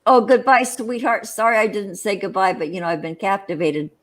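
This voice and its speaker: A woman hosting a relaxed online chat show, talking at a middling pitch. She rambles and restarts her sentences, chuckling as she goes. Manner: rambling, restarts, quick laughs. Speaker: co-host of a livestream chat show. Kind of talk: casual chat.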